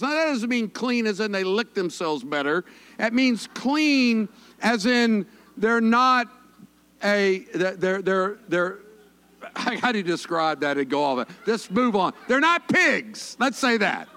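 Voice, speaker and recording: A man's voice: sits high, very animated, unhurried, sharp tone. A man preaching a conversational sermon, folksy and joking with the congregation. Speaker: pastor.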